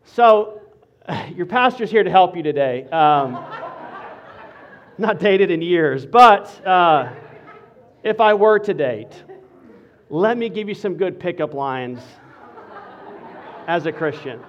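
High-voiced playful preaching man. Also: slow pace, long pauses, highs cut off, a faint crowd. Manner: playful, animated preaching with laughs. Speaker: pastor. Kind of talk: sermon with humor.

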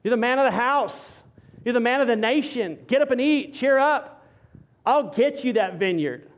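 A man's voice: very high voice, animated, moderate pace, highs cut off, pitched above the performer's own voice. A man voicing a scornful, domineering adult queen who scolds and mocks her husband. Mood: scolding. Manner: scolding, mocking.

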